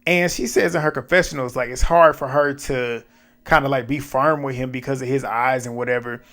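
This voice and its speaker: A man casually recapping a reality dating show, retelling scenes with lively quoted dialogue and blunt asides. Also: mid-range voice, fairly quick. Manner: animated retelling with quoted back-and-forth and asides.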